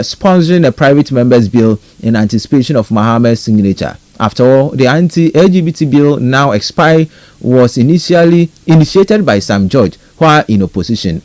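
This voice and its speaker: A man with a Ghanaian accent hosting a live radio talk show and briskly reading out listener messages. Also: mid-range voice, no echo. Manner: brisk, lively read-out with a rising greeting tone. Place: radio studio.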